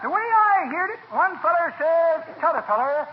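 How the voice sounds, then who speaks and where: A man's voice: very high voice, lively intonation, moderate pace. An actor playing a folksy, gabby old man in a 1940s radio comedy. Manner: folksy, drawling storyteller. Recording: dull old radio recording with loud hiss.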